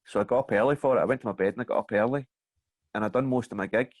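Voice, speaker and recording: A Scottish man with a mid-pitched voice tells stand-up stories as a podcast guest, cursing and laughing along with his own anecdotes. The sound is dry and close, with no room echo. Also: rapid-fire. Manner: animated storyteller, swears and laughs through anecdotes. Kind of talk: casual podcast chat over a video call.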